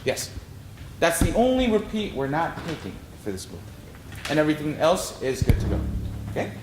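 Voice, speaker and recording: A man's voice: fairly high pitch, huge pitch swings, normal speed, noisy background. A man conducting an orchestra rehearsal, giving notes and singing rhythms aloud to show the phrasing. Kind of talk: rehearsal instruction. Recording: roomy hall sound, faint music.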